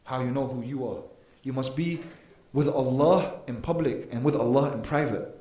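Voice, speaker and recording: A man preaches an earnest lecture in a mosque hall, emphatic, with abrupt swells and drops in volume, and the recording echoes through the hall. He has a warm, mid-range voice at normal speed.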